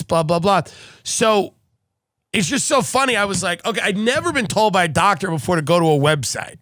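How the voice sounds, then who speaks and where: Podcast host guy, pretty high pitched, sarcastic storytelling, dry studio sound. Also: lively intonation, brisk, a bit bright, no room sound. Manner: riffing, sarcastic storytelling with frequent laughs. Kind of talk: comedic podcast chat.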